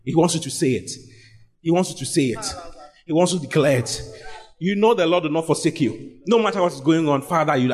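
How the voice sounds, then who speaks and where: A man preaching with a higher-than-usual voice that swoops up sharply on key phrases. He reads verses slowly and deliberately, repeating lines for emphasis. The delivery is emphatic and animated throughout. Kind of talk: sermon with scripture reading.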